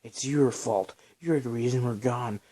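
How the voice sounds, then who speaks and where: A man voicing a group of ghostly voices in a spoken story, loudly accusing. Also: medium pitch, unhurried, a little hiss or hum, natural voice. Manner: loud, accusing.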